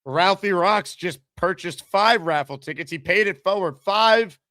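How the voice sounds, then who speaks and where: A man hosting a live call-in sports show, talking with fast, energetic enthusiasm and reading giveaway promos. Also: high-pitched, no room sound, studio quality. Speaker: sports talk show host.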